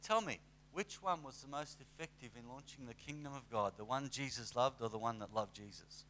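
Lively conversational male preacher. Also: mid-range voice, brisk, a little hiss or hum. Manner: conversational, animated with acted asides. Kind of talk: sermon.

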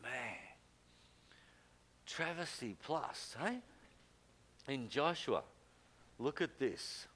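An older man preaching a sermon, emphatic, with loud exclamations and low quiet asides. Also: animated, very slow, pauses often, a little hiss or hum.

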